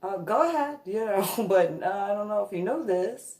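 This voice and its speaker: A woman's voice: mid-range voice, lively intonation, moderate pace, darkish tone, echoey room. A woman telling a comedic story in a sarcastic, giggly, mock-patient manner. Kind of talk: comedic anecdote monologue.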